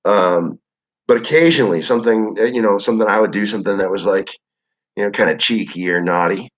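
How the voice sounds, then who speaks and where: A young man with a very low voice rambles through a live chat, loose and relaxed. His talk is full of filler words and casual swearing. The audio is dull and lo-fi. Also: brisk. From Michigan, USA. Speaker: livestream host reading chat.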